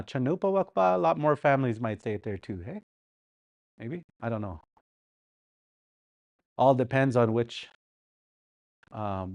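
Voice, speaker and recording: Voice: mid-range voice, no echo. A Dakota language teacher from Sioux Valley, leading a live class in a playful way and repeating words so students can practise. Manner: paces around the room while teaching. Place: classroom during a livestreamed class.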